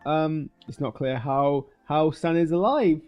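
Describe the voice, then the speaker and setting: A man's voice: fairly high pitch, measured pace, smooth, dull audio, soft background music. A man giving a casual spoken film review, rambling and hesitant with many restarts. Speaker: video creator reviewing a film. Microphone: streaming webcam setup.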